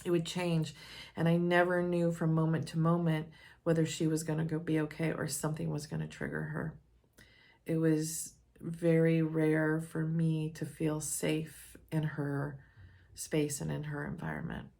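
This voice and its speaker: Candid woman, low voice, personal story talk. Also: creaky, a little mellow. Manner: earnest, candid, measured. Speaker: speaker on personal growth.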